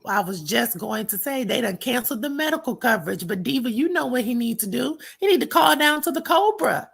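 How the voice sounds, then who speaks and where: A woman's voice: fairly high pitch, animated, fairly quick, vocal fry, husky. A woman co-hosting a reality TV recap, sassy and teasing, laughing as she talks. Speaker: co-host.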